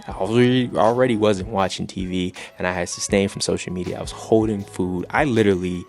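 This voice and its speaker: A man's voice: fairly low pitch, fairly even intonation, brisk, few pauses, a little mellow. A man giving a personal faith testimony to camera, earnest and reflective, repeating phrases as he builds feeling, over faint music. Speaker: faith vlogger sharing a testimony.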